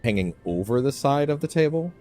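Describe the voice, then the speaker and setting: A man's voice: mid-range voice, big pitch swings, brisk, dark tone, soft background music. A man casually commenting as he streams a game, rambling and often restarting his phrases.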